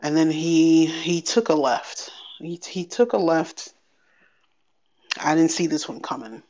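A woman giving a candid personal update on her podcast, chatty and wry, acting out bits of a conversation in quick animated bursts. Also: low voice. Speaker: podcast host. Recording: slightly dull lo-fi sound.

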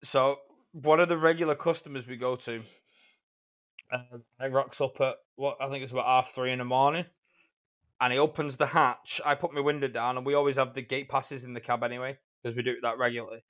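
A man hosting a casual podcast, telling stories in a lively way, swearing and laughing often. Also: medium pitch, brisk. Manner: animated storyteller, swears freely, laughs a lot. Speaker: podcast host.

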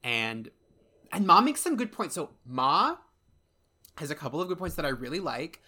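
A man co-hosting a casual podcast chat about a film, animated and jokey, often slipping into character quotes. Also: on the high side, normal speed, husky. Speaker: podcast co-host.

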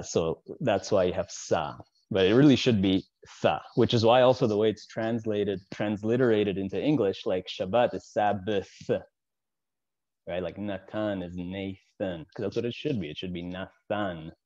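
Male teacher, deep low voice, relaxed explanatory lecture style, dry and slightly dull lo-fi recording. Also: no room sound. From Soviet Union. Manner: explanatory, with frequent asides and "right?" check-ins. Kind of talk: casual lecture.

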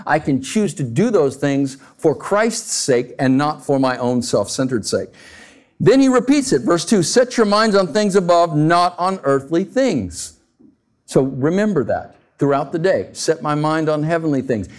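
Animated man preaching a conversational sermon. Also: fairly high pitch. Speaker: pastor.

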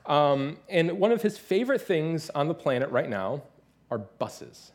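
A man in his thirties preaching a sermon as pastor, telling stories with lively, animated delivery and playful imitations. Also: a little high, normal speed. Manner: animated storytelling, mimics his toddler's excited voice.

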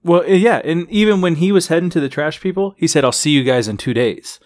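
A man's voice: on the high side, fairly quick, darkish tone, dry recording. A man co-hosting a casual TV recap chat, easygoing and hesitant, retelling scenes. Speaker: podcast co-host.

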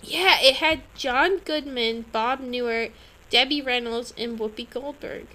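A woman's voice: on the high side, unhurried, bright, forceful tone, low-quality recording. A young adult woman co-hosting a podcast, chatting casually and animatedly with lots of laughter. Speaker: podcast co-host. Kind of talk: casual chat.

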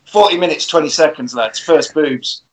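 A man's voice: fairly high pitch, moderate pace, poor audio. A man casually recapping a film plot, swearing and acting out the characters' lines.

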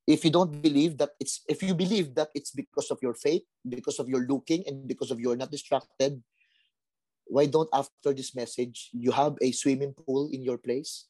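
A man from the Philippines with a Filipino accent, preaching a lively sermon full of rhetorical questions. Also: mid-range voice, normal speed, dry recording. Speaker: pastor.

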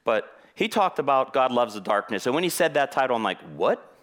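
A man preaching a sermon in a church, telling a personal story in a lively way and acting out the conversations in it. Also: medium pitch, a little fast. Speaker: guest preacher.

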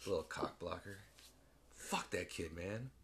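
Lively, bright-voiced young man, swearing casually. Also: sits low, a little slow. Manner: loose, profane, slips into mock voices. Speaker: podcast co-host. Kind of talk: casual movie chat.

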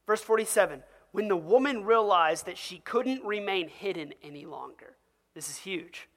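A pastor delivers a sermon with animated, conversational energy in a middle-pitched voice. He keeps putting direct questions to the audience and acts out quoted voices as he goes.

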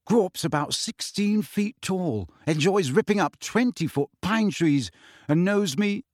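A man voicing a brisk, clever teenage girl. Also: fairly high pitch, sing-song, breathy edge, no echo, clean studio sound, voice pushed up. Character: clever, earnest teenage schoolgirl. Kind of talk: audiobook reading.

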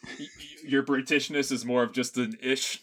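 Casting: male podcast co-host, giggly and relaxed, bright voice. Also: mid-range voice, moderate pace. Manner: giggly, laughs often, easygoing. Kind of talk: comedic banter.

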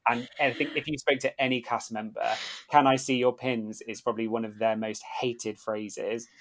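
A man's voice: medium pitch, level tone, moderate pace. A man telling a story in a casual chat, acting out the voices of the people he quotes. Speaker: podcast guest, former theme park worker.

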